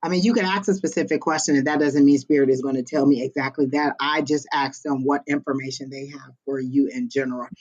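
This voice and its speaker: A woman's voice: a bass voice, fairly even intonation, fast talker, hardly any pauses, darkish tone. A woman in casual chat, asking questions and explaining things plainly. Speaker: psychic reader and co-host. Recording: dull lo-fi sound.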